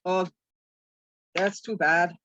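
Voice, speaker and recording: A woman's voice: on the low side, fairly even intonation, extremely slow, highs cut off, very noisy. Woman voicing a smug bear crime boss. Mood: smug threat. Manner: smug, threatening.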